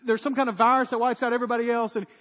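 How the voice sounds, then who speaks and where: A man preaching a sermon as pastor, telling stories and becoming animated as he retells a scene. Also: very high voice, rapid-fire. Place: church. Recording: dull, echoey church hall.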